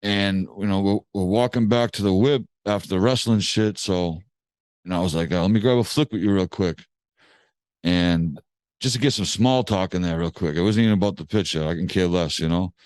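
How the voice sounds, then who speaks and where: A man's voice: low-pitched, a little fast, darkish tone, smooth, no room sound. A man from Massachusetts, a music producer, telling a story in a slangy, laid-back way on a podcast. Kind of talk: casual storytelling interview.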